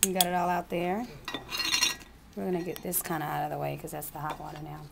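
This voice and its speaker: A woman with an African American accent talks a group through a live tea demonstration, chatty and quick to laugh. She sounds a little off-mic, picked up from across the room. Dishes and cutlery clatter behind her. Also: low-pitched, steady tone, vocal fry. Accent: African American Vernacular English. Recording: distant mic with room noise.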